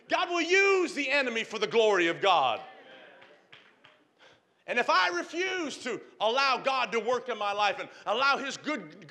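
High, bright-voiced preaching man. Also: creaky. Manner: call-and-response preaching, swinging from shouts to hushed. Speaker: pastor. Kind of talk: sermon.

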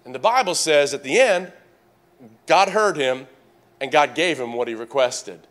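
A man in his sixties preaching a sermon, mixing comic storytelling with animated calls to the congregation. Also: a little high, a little slow. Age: 60s. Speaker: pastor.

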